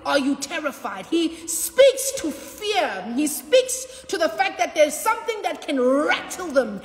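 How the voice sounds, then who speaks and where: A woman preaching a sermon with passion, repeating lines and shouting out at times. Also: high voice, very animated, unhurried, echoey room, big-room sound. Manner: impassioned preaching with shouts and repetition.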